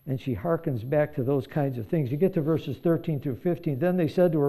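A man's voice: a little high, fairly quick, few pauses, dark tone. A man preaching a sermon, explaining a scripture passage in a conversational, reflective way and thinking aloud as he goes. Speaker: pastor.

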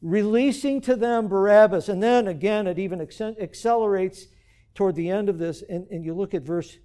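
A man preaches a sermon in a fairly high, mellow voice. He is earnest and keeps turning to the congregation with rhetorical questions. He speaks as the pastor of the church. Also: moderate pace, clear, resonant tone.

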